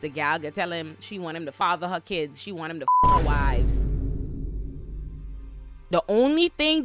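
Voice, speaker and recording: A woman giving a casual, animated, slangy recap of a TV episode. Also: low-pitched. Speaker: show recapper.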